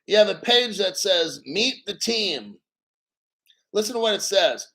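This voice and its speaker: A man's voice: high voice, animated, a little slow, pushed and bright, poor audio. Profane, ranting crypto livestream host man. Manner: heated, swearing, rhetorical questions.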